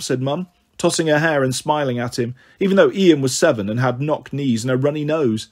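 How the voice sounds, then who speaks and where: A man reading a children's novel aloud in steady, plain storytelling with a husky voice. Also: medium pitch, fairly quick, hardly any pauses. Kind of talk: audiobook narration.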